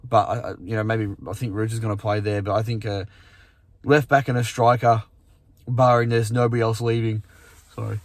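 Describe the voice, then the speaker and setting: A man's voice: fairly low pitch, steady tone, fairly quick, dry recording. A man hosting a fan channel, chatting casually and sleepily about football with many fillers and restarts. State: sleepy, yawning. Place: outdoors in morning sun.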